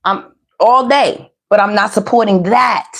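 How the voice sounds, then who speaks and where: A woman's voice: medium pitch, a little slow, vocal fry. A woman hosting a commentary video who stresses her points by repeating phrases. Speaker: tarot and celebrity commentary host. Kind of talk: commentary over played clips.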